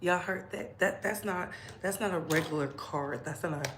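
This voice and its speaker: A woman's voice: lowish voice, moderate pace, roomy sound, heavy background noise. A young adult woman hosting casual celebrity gossip commentary, repeating herself and dropping into whispers. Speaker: gossip show host.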